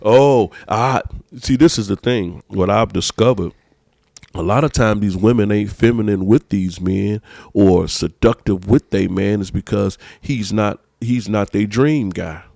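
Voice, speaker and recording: Man, pastor host, low voice, gravelly, emphatic, repeats phrases, dry close sound. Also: a little slow, darkish tone, dry recording. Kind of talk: preachy casual podcast talk.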